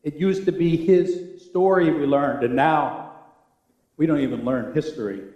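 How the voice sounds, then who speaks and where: A man preaching a sermon as pastor, with a dramatic delivery that swings from hushed to loud. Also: fairly high pitch, unhurried, lo-fi sound. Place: church. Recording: echoey church room.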